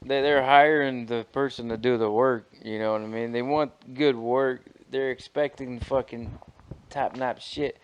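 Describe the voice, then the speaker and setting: A man's voice: medium pitch, steady tone, measured pace, clean tone. A man with a Midwestern accent, co-hosting a podcast and chiming in agreeably with casual swearing. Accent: Midwestern American. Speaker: podcast co-host. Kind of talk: casual chat.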